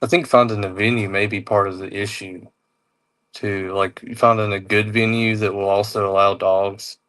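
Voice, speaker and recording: A man's voice: fairly low pitch, little pitch movement, normal speed, fairly bright tone. A man speaking hesitantly as a guest in a casual chat.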